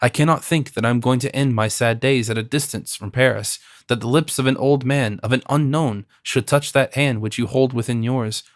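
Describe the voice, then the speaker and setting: A man's voice: mid-range voice, normal speed, few pauses, no room sound, close to an everyday voice. A man reading the part of a passionate young woman who pleads with her royal lover in a dry audiobook recording. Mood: pleading.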